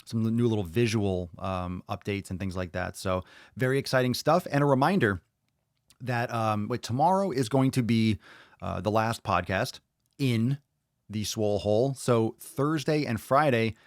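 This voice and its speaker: A man's voice: on the low side, lively intonation, normal speed, no echo, studio quality. A man hosting a podcast, chatting casually and bluntly, swearing freely as he reads viewer comments aloud and reacts to them. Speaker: podcast host.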